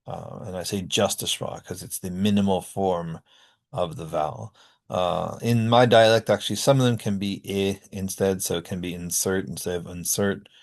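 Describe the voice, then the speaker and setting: Guy with a lowish voice teaching a linguistics class, lots of uh and um. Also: moderate pace, gravelly, darkish tone. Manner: explanatory, frequent uh and um fillers. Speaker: linguistics lecturer. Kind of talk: recorded classroom lecture.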